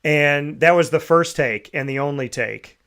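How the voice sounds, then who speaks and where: A man's voice: on the high side, unhurried, a bit bright, a little hiss or hum. A man hosting a morning sports talk show, chatting casually and reading promos with enthusiasm.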